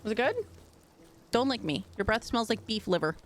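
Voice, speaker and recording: A woman's voice: fairly high pitch, expressive, normal speed. A woman streaming a video game, chatting casually, laughing often and talking sweetly to her pets. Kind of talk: casual live-stream chat.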